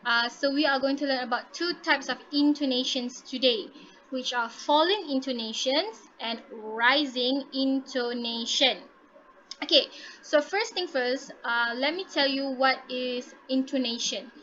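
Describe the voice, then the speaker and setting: A teacher runs an online class through a laptop mic. She talks in a high, bright voice, keeps checking in with "okay," and mixes in Malay words. The call audio is a little dull, with a faint hiss behind it. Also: unhurried. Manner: encouraging, repeats "okay" often, mixes in Malay. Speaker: English teacher. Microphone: laptop mic on a video call.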